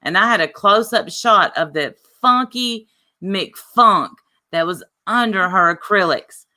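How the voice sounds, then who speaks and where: A woman hosting a casual livestream, sarcastic and animated, laughing often as she reads comments. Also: medium pitch, slow pace. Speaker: livestream host.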